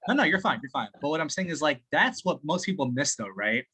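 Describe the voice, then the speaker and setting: A man on a video call giving sales-practice feedback in casual chat, excitable and profane, laughing as he talks. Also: a little high, fast talker, husky. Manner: excitable, swears often, laughs while talking.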